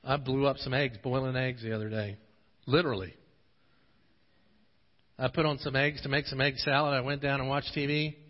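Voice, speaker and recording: A man preaching a sermon, at times pleading with rising intensity, at times telling a relaxed story. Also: medium pitch, normal speed, pauses often. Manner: passionate, swelling to pleading intensity in prayer passages. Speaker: pastor. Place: church sanctuary. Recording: dull audio with long hall reverb.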